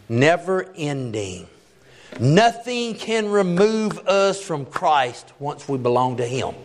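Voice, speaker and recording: High-pitched guy preaching, folksy and plain-talking, drags out the big words for emphasis. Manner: emphatic, stretches key phrases slowly. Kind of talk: sermon.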